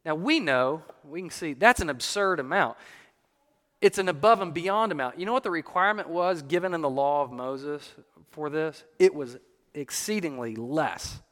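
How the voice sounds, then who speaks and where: Man preaching, lively storytelling, bright tone, big echoey hall. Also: on the high side, moderate pace. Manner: animated storytelling with light laughs. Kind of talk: sermon.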